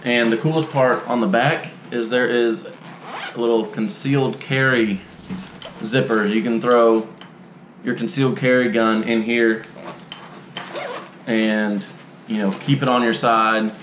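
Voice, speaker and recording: A young man giving a casual unboxing review, relaxed and drawling with frequent ums. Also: mid-range voice, measured pace, long pauses, echoey room, a little hiss or hum. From Texas. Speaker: unboxing vlogger. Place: dim indoor room.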